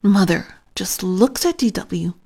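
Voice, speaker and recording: Slow, expressive woman storyteller. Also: mid-range voice, vocal fry, husky. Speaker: storybook reader. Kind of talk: children's story read-aloud.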